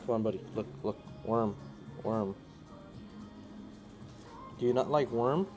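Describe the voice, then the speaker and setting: Excited man coaxing pets in a cafe. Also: medium pitch, slow pace, soft background music. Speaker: vlogger. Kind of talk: casual vlog talk. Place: indoor animal cafe. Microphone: handheld phone camera.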